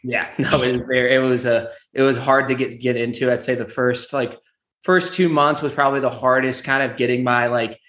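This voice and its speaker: A man's voice: mid-range voice, fairly even intonation, fairly quick, fairly bright tone. Young guy chatting loose and easy, bit of room echo, laughs as he tells stuff. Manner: easygoing, laughs while telling stories. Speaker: guest, amateur charity boxer. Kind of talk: casual interview chat. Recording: roomy echo.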